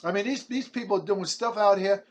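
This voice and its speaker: Combative older New man, higher voice. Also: normal speed, dull audio. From Brooklyn, New York. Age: 70s. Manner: blunt, combative, stumbling restarts. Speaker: vlogger. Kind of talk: ranting monologue.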